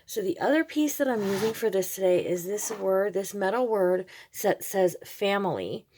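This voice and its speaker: Woman, craft tutorial host, casual chat, gravelly, a bit scratchy from a cold, lots of ums. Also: medium pitch, animated, moderate pace, a little mellow. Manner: chatty, with frequent ums.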